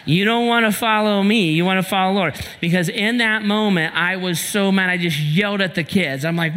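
A man preaching a sermon as pastor, telling a funny story with animated delivery and sudden shouted punchlines. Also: high-pitched, moderate pace, few pauses, in a large hall. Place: church sanctuary.

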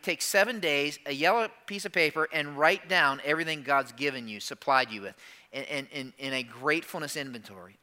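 Male pastor, sermon, very bright tone, slightly high voice, chatty, rhetorical questions, voices listeners' doubts. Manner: conversational, asks rhetorical questions and acts out listeners' objections.

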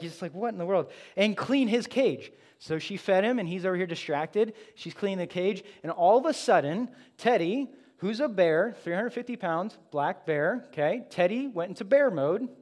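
A man preaching a sermon in a conversational, emphatic way, often slipping into quoted asides. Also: sits high. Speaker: pastor.

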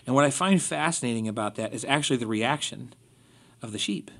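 A man's voice: mid-range voice, a little fast, creaky. Guy pastor chatting on a church podcast, laid back, breaking down a bible passage. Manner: relaxed, explains scripture with everyday examples. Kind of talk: casual church podcast discussion.

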